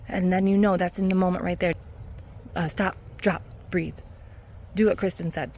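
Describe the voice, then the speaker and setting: A woman hypnotherapist talking casually in a self-help vlog, earnest and encouraging, with soft laughs. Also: lowish voice, steady tone, normal speed, long pauses, a little hiss or hum. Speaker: hypnotherapist and mindset coach.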